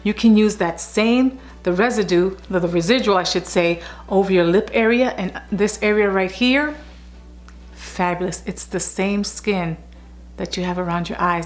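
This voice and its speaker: Gushing chatty woman beauty vlogger. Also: fairly low pitch. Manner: chatty and gushing, with restarts and asides. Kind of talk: casual product review chat.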